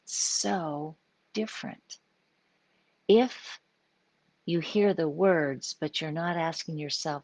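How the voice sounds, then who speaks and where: A low-pitched older woman talks through ideas on a home live stream, keeping it conversational and often checking that the listener follows. Her voice is close and dry, with no room sound around it. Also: slow pace, long pauses, a little mellow, dry recording. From US Pacific Northwest. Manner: conversational, explaining with frequent "right?" check-ins. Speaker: psychologist hosting a live stream. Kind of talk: informal live-stream talk.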